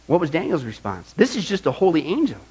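A man's voice: on the high side, wildly swooping pitch, fast talker, a little mellow, breathy edge, poor audio. A male pastor preaching a sermon, asking the congregation rhetorical questions and acting out the complaints of the people he quotes.

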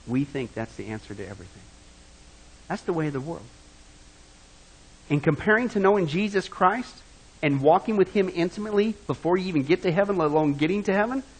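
A man preaching a sermon in a fairly high voice. He swings between loud, emphatic stretches and quiet, hushed asides as he addresses his congregation directly. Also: slightly rough, rough recording. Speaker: pastor.

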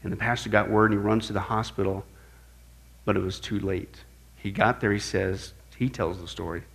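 A man preaching an apologetics lesson in an animated way, dropping low for stories and rising loud for quoted voices. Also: normal speed, gravelly. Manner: animated, shifts between loud quoted outbursts and low hushed storytelling. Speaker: pastor teaching apologetics. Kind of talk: sermon-style teaching.

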